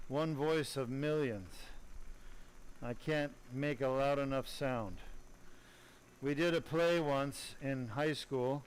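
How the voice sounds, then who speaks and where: A middle-aged man talks viewers through a live spine operation. His voice is smooth and clear at an ordinary middle pitch. He sounds blunt and opinionated, with joking asides to the audience. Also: low-quality recording. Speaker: spine surgeon. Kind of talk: live-streamed surgery commentary.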